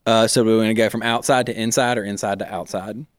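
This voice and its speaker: A man's voice: lowish voice, steady tone, fast, dry recording, clean studio sound. A man co-hosting a church podcast who talks in an earnest way and explains word meanings. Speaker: podcast co-host. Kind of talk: casual church podcast chat.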